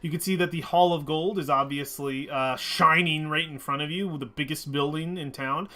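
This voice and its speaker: A man's voice: a little high, fairly even intonation, sharp tone. A man narrating a tabletop game as game master, hesitant and full of restarts. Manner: halting, many fillers and restarts.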